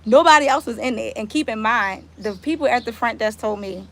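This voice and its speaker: A woman, telling a story on a live stream in casual, animated talk and swearing freely. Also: on the high side, brisk, a little hiss or hum. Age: 30s. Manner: animated, swears freely, talks straight to viewers. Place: outdoors.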